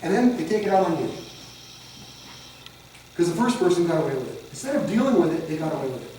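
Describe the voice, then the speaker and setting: Here a man whose voice sits on the high side swings widely in pitch and talks fast, his tone mellow, while he animatedly lectures a de-escalation training class and acts out examples in mocking voices. Captured from far away in an echoey room, it carries a faint hiss or hum.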